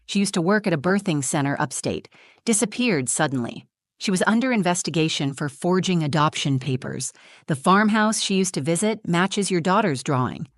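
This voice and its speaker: A careful woman doctor lowers her voice to share what she knows, as a narrator reads her part. Her tone is hushed and confiding, pitched low and recorded close and dry. She speaks as a character in a spoken story. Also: expressive, normal speed, dry recording.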